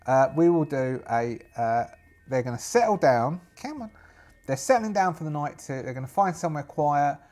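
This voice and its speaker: A man's voice: fairly high pitch, expressive, normal speed, darkish tone. A man narrating a solo tabletop game in a rambling, self-amused way, restarting often.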